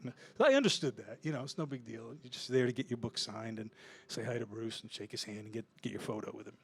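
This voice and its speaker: A male singer-songwriter with a mid-range voice talks fast, with vocal fry and a breathy edge, telling a casual, self-deprecating story between songs. He laughs often and swears now and then on a small club stage in Houston, picked up by a stage vocal mic.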